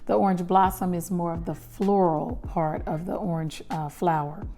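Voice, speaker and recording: A woman's voice: lowish voice, steady tone, mellow. A woman vlogger chatting casually at home while unboxing, gushing with lingering "mm"s as she stops to smell. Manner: gushing, breathy pauses to smell. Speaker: lifestyle vlogger.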